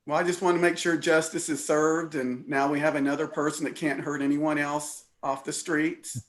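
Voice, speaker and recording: A man's voice: a little high, little pitch movement, moderate pace. A man, serving as judge and giving plainspoken, encouraging feedback with dry humor over a video call. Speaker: judge presiding over a mock trial. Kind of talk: casual feedback to students.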